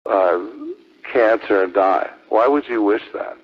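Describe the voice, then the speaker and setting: A man with a fairly low voice argues on air over a ham radio link. He taunts and swears, hammering the same accusations again and again. The transmission sounds dull and lo-fi. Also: a little slow. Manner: taunting, profane, repeats accusations. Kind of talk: heated on-air argument.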